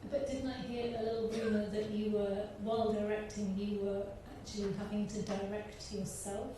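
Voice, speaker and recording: A woman's voice: medium pitch, flat delivery, normal speed, mellow. A woman interviewing a guest on stage before an audience, asking enthusiastic, encouraging questions. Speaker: onstage interviewer. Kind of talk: onstage conversation before an audience. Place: large hall with audience. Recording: echoey hall from far off with light hiss.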